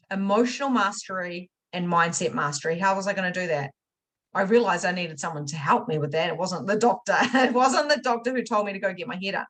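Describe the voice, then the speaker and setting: A woman teaching a spiritual money masterclass. She talks casually and swears, leaping from loud excitement to quiet, confessional asides. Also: medium pitch, poor audio. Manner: casual swearing, chatty direct address. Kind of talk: motivational masterclass talk.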